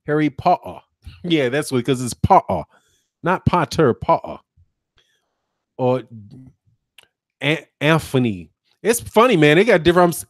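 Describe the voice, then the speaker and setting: Reading live comments aloud on his channel, an American host with a high voice jokes around and laughs often in casual chat. There's no echo, and the audio is studio quality.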